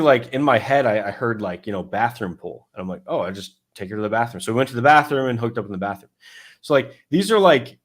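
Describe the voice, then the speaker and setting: A man's voice: medium pitch, fairly bright tone. A man talking loosely through his coaching method as a dating coach, with lots of fillers and restarts, acting out his own thoughts as quotes. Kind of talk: casual explanatory talk.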